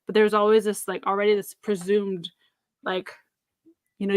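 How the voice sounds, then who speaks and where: A woman co-hosting a podcast in casual chat, rambling and animated, laughing easily and swearing. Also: mid-range voice, a little fast, gravelly, dry recording, clean studio sound. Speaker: podcast co-host.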